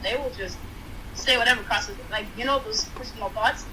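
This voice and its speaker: A woman in a casual voice chat, frank and animated as she tells stories. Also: fairly high pitch, a little fast, slight background noise, rough recording.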